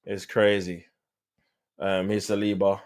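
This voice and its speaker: Low-voiced man ranting over a match. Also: little pitch movement, takes it slowly, darkish tone. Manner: slangy, talks to viewers, gets exasperated at play. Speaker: live stream host. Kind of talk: casual fan match commentary.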